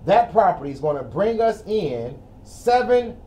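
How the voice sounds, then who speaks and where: Give me a chatty man running a live finance class, his mellow voice bouncing around an echoey studio. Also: high voice, big pitch swings, unhurried. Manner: casual, joking, chatty teaching. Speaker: host and financial educator. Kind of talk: live-streamed finance lesson. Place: broadcast studio with a whiteboard. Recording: echoey room.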